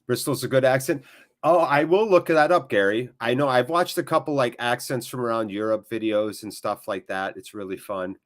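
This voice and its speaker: An American man hosting a live football watchalong. He jokes and chats with viewers between quick play-by-play. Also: mid-range voice. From United States. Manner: jokey, animated, quick play-by-play. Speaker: watchalong host.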